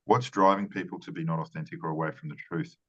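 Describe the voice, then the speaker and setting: Deep-voiced earnest man, lo-fi. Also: steady tone, quick pace, a bit bright. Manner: earnest, repeats words and restarts phrases. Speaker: marketing strategist guest. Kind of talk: conversational interview answers.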